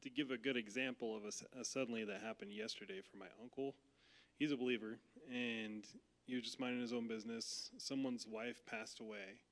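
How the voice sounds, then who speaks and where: An American man from the congregation sharing a testimony, telling it quickly and earnestly. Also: medium pitch, steady tone. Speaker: congregation member.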